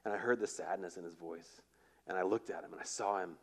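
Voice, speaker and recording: A man preaching a conversational sermon as pastor, animated and often checking in with his listeners. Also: low-pitched, fairly quick, slightly rough. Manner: animated, repeatedly asking "right?".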